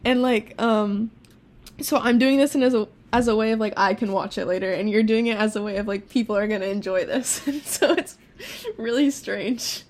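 A woman's voice: on the high side, normal speed. Giggly, swearing young woman podcaster. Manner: giggly, swears a lot, animated storytelling. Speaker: podcast co-host. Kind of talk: casual chat.

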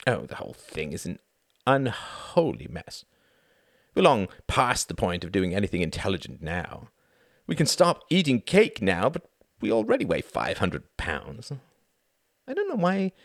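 Man voicing a cynical aging lord, sardonic slow drawl, swooping pitch, gravelly edge. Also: no echo, clean studio sound, heavily acted. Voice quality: sardonic, world-weary drawl. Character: weary older aristocratic British diplomat, cynical.

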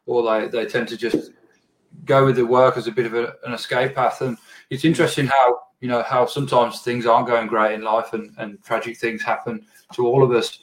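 A man interviewing a guest, asking long, halting questions with restarts. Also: mid-range voice, poor audio.

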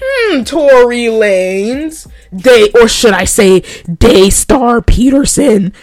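A woman's voice: on the high side, expressive, slow pace, darkish tone, soft background music. A woman hosting a podcast, ranting in a profane, mocking way and laughing often. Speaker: podcast host. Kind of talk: ranting commentary.

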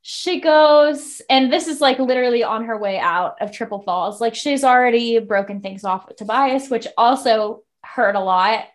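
A woman with a slightly high voice chats casually about a book she loved. She gushes and swears freely, her sentences full of "like" fillers. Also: normal speed, few pauses. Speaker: podcast co-host. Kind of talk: casual book-club chat.

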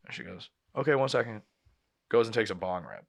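A young co-host on a podcast, his voice low-ish, creaky and a little fast, relays a story in a relaxed way. He swears constantly and acts out the quotes with animation.

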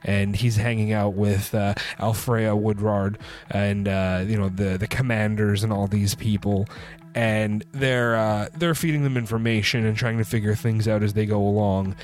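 A man's voice: lowish voice, flat delivery, moderate pace, darkish tone. A man hosting a casual movie review show, rambling through the plot with many filler words and restarts. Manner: sipping a drink while recording. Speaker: movie review podcast host.

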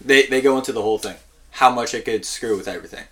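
A man's voice: medium pitch, quick pace, fairly bright tone. A man co-hosting a podcast, bantering in a jokey, exasperated way. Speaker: podcast co-host. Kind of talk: casual chat.

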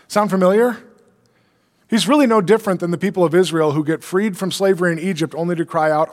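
A man's voice: high voice, fast talker. Man preaching in an echoey hall. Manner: earnest preaching, quoting scripture, rhetorical questions. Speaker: pastor. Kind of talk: sermon.

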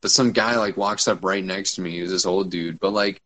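A man's voice: sits low, fairly even intonation, fairly quick, a bit bright. A young man co-hosting a casual podcast chat, rambling with many fillers and swearing freely. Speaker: podcast co-host.

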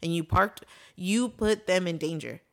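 Woman podcast co-host, lowish voice, casual, fired up and blunt. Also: measured pace, vocal fry, fairly bright tone. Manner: blunt, heated, heavy swearing. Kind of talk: casual chat.

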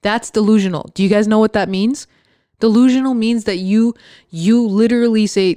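Young woman host, sarcastic and blunt, dry close sound, mid-pitched voice. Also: fairly even intonation, moderate pace, mellow, dry recording. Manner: sarcastic, mocks others in put-on voices; profane and emphatic. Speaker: podcast host. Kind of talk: blunt motivational rant.

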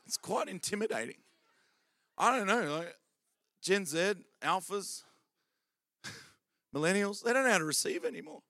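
Male preacher, high-pitched and bright, jokey storyteller who builds to loud exhortation. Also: animated, a little slow, pauses often, no room sound. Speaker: pastor. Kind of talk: sermon.

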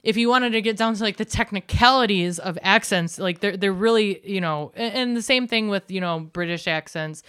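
A woman's voice: medium pitch, normal speed, few pauses, a bit bright, clean tone, no echo, studio quality. A young woman from South Dakota with a Midwestern accent, co-hosting a podcast in casual, laughing chat full of fillers and restarts. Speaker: podcast co-host.

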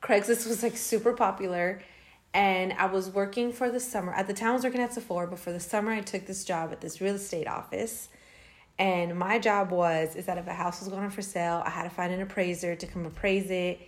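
A woman in her thirties co-hosting a casual podcast, talking at an even middle pitch. She tells her stories in a chatty way and often laughs mid-sentence. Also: brisk. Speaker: podcast co-host. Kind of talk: casual chat, storytelling.

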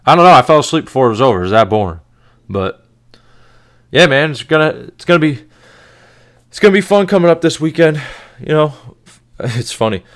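A man's voice: on the high side, expressive, fairly quick, long pauses, fairly bright tone. Chatty man giving blunt sports picks. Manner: chatty, blunt, laughs often, frequent swearing. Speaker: podcast host. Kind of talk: casual sports talk.

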